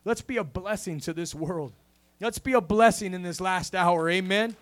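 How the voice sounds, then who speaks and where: A man's voice: high voice, moderate pace, a bit bright. A man preaching a sermon in a church, punctuating with a call of "amen?" and a rising preacher cadence. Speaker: pastor.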